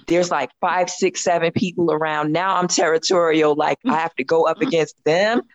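A woman in her fifties tells a story as a podcast guest, animated and quick to laugh, acting out her own lines. Her voice sits a little low for a woman. The recording is close and dry. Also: dry recording, dull audio. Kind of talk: casual storytelling chat.

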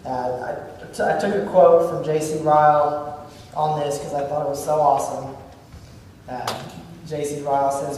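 A man's voice: a little high, little pitch movement, normal speed, darkish tone. A man leading an informal Bible teaching, speaking conversationally with many fillers and restarts. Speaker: Bible study leader. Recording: distant mic in an echoey hall, faint room noise.

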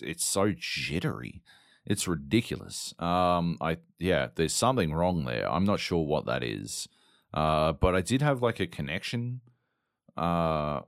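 A man's voice: deep voice, no echo, clean studio sound. A man hosting a solo gaming podcast, ranting casually with lots of swearing and fillers. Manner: sweary, exasperated, rambling with many fillers. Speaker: podcast host. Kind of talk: casual solo podcast rant about games.

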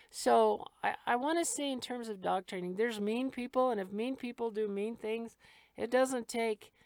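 A woman's voice: medium pitch, vocal fry, darkish tone, dry recording. A middle-aged woman, a dog trainer, talking frankly and casually, laughing easily as she explains her methods.

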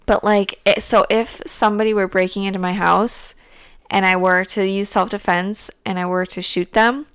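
A woman's voice: medium pitch, steady tone, normal speed, fairly bright tone, smooth, no room sound. Young woman musing aloud, dry close sound. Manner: musing, talks through thoughts with fillers. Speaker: podcast co-host. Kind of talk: casual true-crime chat.

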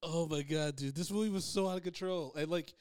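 A man with a noticeably high voice co-hosts a casual podcast. He sounds incredulous and profane and breaks into laughter often. The recording is dry. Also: a little fast, darkish tone, no echo. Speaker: podcast co-host. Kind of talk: casual movie review chat.

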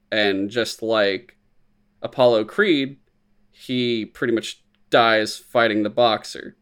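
A man's voice: mid-range voice, a little slow, clean tone. A man talking casually on a podcast, recapping films with lots of energy. He swears freely and drops into silly voices whenever he quotes someone. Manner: animated, profane, acts out quotes in silly voices. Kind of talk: casual chat.

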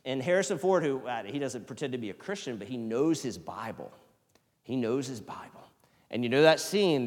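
A male pastor giving a casual, conversational sermon, swinging from loud emphasis to hushed near-whispers. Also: medium pitch. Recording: long reverb of a large hall.

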